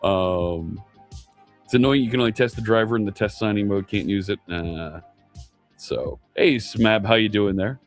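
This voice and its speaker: Lowish-voiced man chatting to stream viewers. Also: moderate pace. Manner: chatty, reads chat aloud, many fillers. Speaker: live coding streamer. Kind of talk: casual live stream chat with viewers. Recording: faint music underneath.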